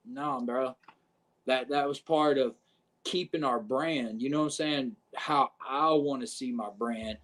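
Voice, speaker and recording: A man's voice: mid-range voice, measured pace. A man, a pro wrestler telling stories as a podcast guest, cursing often and checking in with his listener. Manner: profane, animated, keeps saying "you know what I'm saying". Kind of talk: casual podcast storytelling.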